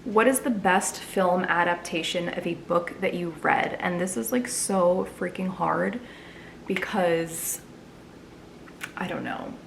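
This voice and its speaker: A woman's voice: fairly low pitch, slow, gravelly, slight background noise. A young woman chatting casually in a vlog, answering viewer questions with lots of fillers. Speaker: book vlogger.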